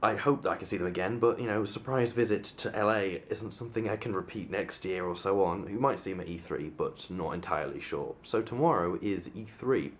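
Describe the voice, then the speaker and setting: A young Englishman talks to his camera in a hotel room, rambling and poking fun at himself, his voice sitting very low. Faint background noise runs under his casual, filler-heavy chat. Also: a little fast, hardly any pauses. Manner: rambling, self-mocking, many fillers and restarts. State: sunburnt. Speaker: vlogger.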